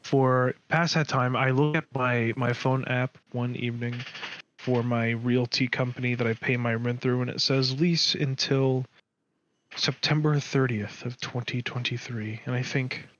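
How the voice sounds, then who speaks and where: A man hosting a podcast, telling a story in a casual, animated way, often correcting himself mid-sentence. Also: mid-range voice, a little slow, dull audio, a little hiss or hum. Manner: animated, rambling, self-correcting. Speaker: podcast host.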